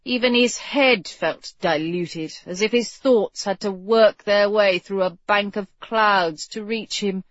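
A woman narrates a story slowly and carefully, letting each sentence land. Her voice is close and dry, with a slightly dull, lo-fi sound. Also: medium pitch, expressive, no echo. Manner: slow, measured storytelling. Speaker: audiobook narrator. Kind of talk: scripted narration. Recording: dull, lo-fi recording.

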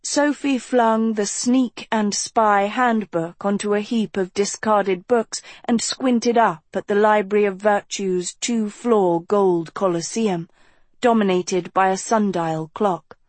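Woman, audiobook narrator, slow pace, measured storytelling, dry close studio sound. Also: mid-range voice, steady tone, a little mellow, no echo. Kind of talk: scripted fantasy narration.

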